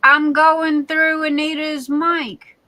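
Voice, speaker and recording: Southern woman, stream host; high, bright, chatty, calls folks darling. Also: flat delivery, slow, no room sound, rough recording. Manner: chatty, greets viewers one by one with endearments. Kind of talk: casual live-stream chat.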